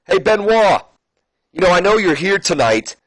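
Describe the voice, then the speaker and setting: A man's voice: high-pitched, very animated, moderate pace, fairly bright tone, no echo, voice pushed up, rough recording. A man voicing a brash male wrestler's challenge in a raised, pushy tone while reading a scripted promo. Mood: taunting. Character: brash cocky male wrestler calling out a rival.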